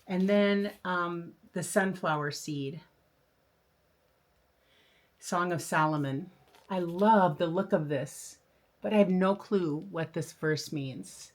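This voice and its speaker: A woman's voice: on the low side, takes it slowly, long pauses. An older woman hosting a craft video, chatting casually and enthusiastically about her new patterns, with frequent fillers and restarts. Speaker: flosstube host. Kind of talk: casual show-and-tell chat.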